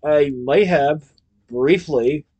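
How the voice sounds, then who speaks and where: A man's voice: on the high side, very slow, darkish tone. Guy doing a jittery dreamy young inventor, earnest, storybook voice. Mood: nervous. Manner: earnest, nervous, hesitant. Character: hopeful whimsical young man inventor.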